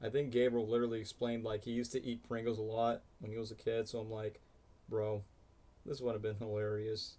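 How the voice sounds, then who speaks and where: A man's voice: lowish voice, monotone, fairly quick, mellow. A man hosting a casual reaction livestream, rambling and chatty, saying "bro" and "like" a lot. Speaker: livestream host. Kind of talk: casual reaction stream chat.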